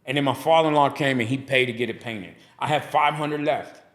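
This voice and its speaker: A man, animated, telling his story in a casual interview and acting out other voices. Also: medium pitch, fairly quick. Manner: animated, preachy storyteller who acts out dialogue. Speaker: barbershop owner and guest.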